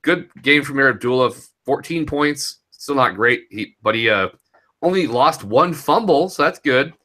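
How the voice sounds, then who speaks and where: A man's voice: medium pitch, lively intonation, normal speed, sharp tone. A young man talking casually and rambling a bit as he recaps a fantasy football week, laughing easily. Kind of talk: casual podcast chat.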